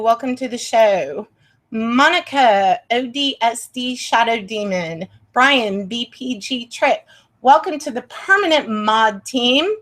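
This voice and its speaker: A woman's voice: medium pitch, a bit bright. A woman hosting a paranormal livestream from her home setup, chatty and easily sidetracked as she reads names from the chat.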